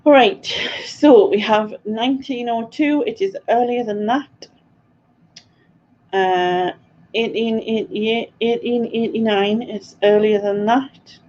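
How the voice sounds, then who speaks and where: A woman's voice: a little high, takes it slowly, darkish tone. A woman hosting a live quiz stream in a chatty, giggly way, reading out viewers' answers. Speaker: quiz host. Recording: dull lo-fi stream audio with faint ambience.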